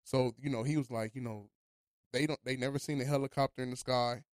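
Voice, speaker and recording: A man's voice: mid-range voice, steady tone, fast, clear, resonant tone, no echo. A man from Los Angeles, hosting a podcast studio, talking in a loose, rambling way and often checking in with "you know what I'm saying". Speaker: studio host. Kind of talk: casual podcast chat.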